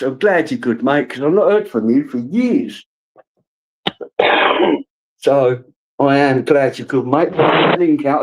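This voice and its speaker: A man's voice: medium pitch, darkish tone, low-quality recording. A middle-aged man hosting a casual livestream, greeting viewers by name and swearing freely. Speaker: livestream host.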